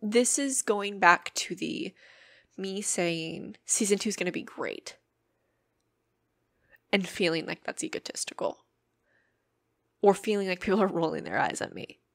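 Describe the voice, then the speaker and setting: A woman's voice: mid-range voice, big pitch swings, unhurried, vocal fry, pauses often, no room sound. A woman hosting her own podcast, talking earnestly and emotionally in a personal monologue and swearing freely. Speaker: podcast host.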